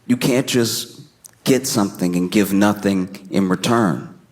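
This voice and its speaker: A man doing stand-up comedy, telling a story in an animated, exaggerated way, often breaking into laughter. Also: on the low side, measured pace.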